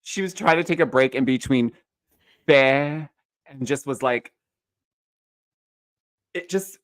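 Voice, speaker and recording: A man's voice: medium pitch, takes it slowly. A young adult man joining a casual gossip chat as a guest, playful and eager to jump in. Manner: animated, playful, jumps in eagerly. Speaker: podcast guest.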